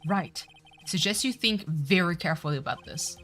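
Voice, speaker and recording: A woman's voice: lowish voice, animated, moderate pace, a bit bright. A woman streamer reading a courtroom game's script aloud, doing every character in turn and dropping swearing asides of her own. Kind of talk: voicing a game's script, reading all parts. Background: faint music.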